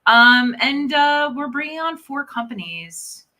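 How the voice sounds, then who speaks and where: A woman's voice: high voice, expressive, a little slow, sharp tone. A woman co-hosting a casual live-stream chat, upbeat and chatty. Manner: upbeat, chatty, laughs often. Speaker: co-host.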